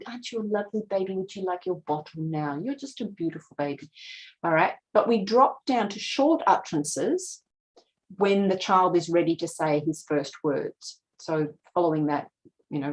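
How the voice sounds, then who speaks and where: A woman's voice: fairly low pitch, darkish tone, low-quality recording. A middle-aged woman presenting research at a conference, explaining points step by step. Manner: explanatory, slips into quoted voices of parents. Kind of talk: lecture presentation.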